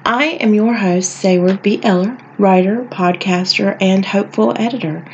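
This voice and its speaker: A woman's voice: mid-range voice, moderate pace, darkish tone, muffled recording, slight background noise. A woman hosting her own podcast, sounding tired and groggy, talking frankly in a chatty way with frequent light laughs. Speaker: podcast host. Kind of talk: casual solo podcast talk.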